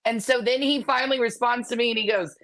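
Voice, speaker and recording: A woman co-hosting a sports podcast, telling a story in a sassy, animated way. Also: fairly high pitch, quick pace. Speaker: podcast co-host.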